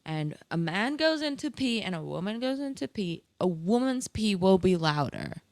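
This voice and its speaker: Woman, live stream co-host, casual chat, excitable, giggly, very lively pitch, dry close sound. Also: normal speed, no echo. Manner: excitable, giggly, animated storyteller.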